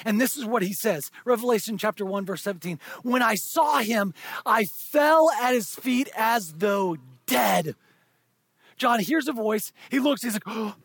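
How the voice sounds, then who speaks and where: High, husky-voiced preaching man. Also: animated, no room sound. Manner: swings from hushed, intimate asides to shouted, drawn-out emphasis. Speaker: pastor. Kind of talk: sermon.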